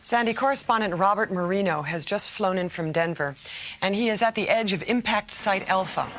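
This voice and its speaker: An actress playing a female TV news co-anchor with crisp, measured newsreading. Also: medium pitch, a bit bright, lightly acted. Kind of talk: scripted TV news reading.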